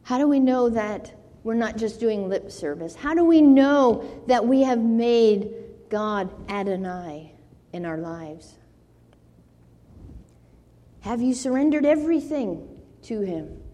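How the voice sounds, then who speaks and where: Slow-preaching woman in an echoing hall. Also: fairly high pitch, expressive, mellow. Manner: slow earnest preaching, rising to pleading in quoted scripture. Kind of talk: sermon. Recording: long hall reverb.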